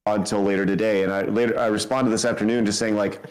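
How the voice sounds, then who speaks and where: A man, a podcast host, calling in over an online voice call and talking in a casual, halting way with many fillers. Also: on the low side, flat delivery, darkish tone, low-quality recording.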